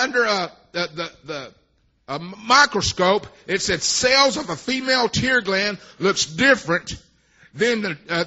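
A male preacher with a strikingly high, piercing voice delivers a sermon. He punctuates his phrases with "amen" and swings between low asides and shouting. The recording sounds dull and lo-fi.

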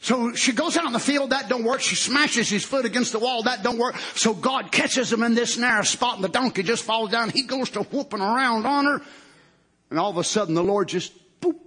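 A man preaching a fervent sermon, shouting and then dropping low. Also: fairly quick, slightly rough. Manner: fervent shouting, swinging from loud to soft.

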